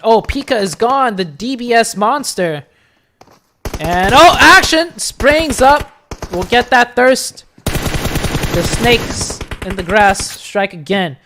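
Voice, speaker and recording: A solo esports caster streaming play-by-play from a home setup. The voice drifts between offhand chatter and sudden excited calls whenever the shooting starts. Faint game gunfire runs underneath. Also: mid-range voice, slight background noise. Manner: chatty and offhand in lulls, bursting into excited calls during fights.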